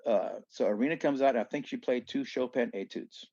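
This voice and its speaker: A man from southeast Louisiana with a gravelly, creaky voice, speaking as a podcast guest in a dry, slightly dull recording. He tells long stories animatedly, doubling back on himself with asides and restarts. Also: medium pitch, fairly quick, dark tone, no room sound. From southeast Louisiana, USA. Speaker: guest musician. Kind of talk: storytelling in a casual podcast chat.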